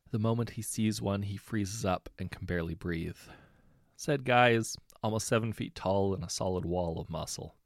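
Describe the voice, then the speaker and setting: A man reading short anecdotes aloud in a relaxed, conversational way, correcting himself now and then. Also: fairly low pitch, normal speed, no echo, studio quality. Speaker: story narrator.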